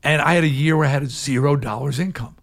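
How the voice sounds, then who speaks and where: At a quick pace and with vocal fry, a man in his sixties tells his story as an interviewee. His candid, animated account swings from emphatic loud moments to hushed, low remarks.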